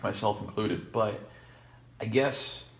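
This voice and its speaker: Podcast co-host, male, low-pitched, wry and meandering, roomy echo. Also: fairly even intonation, takes it slowly. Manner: rambling, sarcastic, jokey asides. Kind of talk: casual chat. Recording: echoey room.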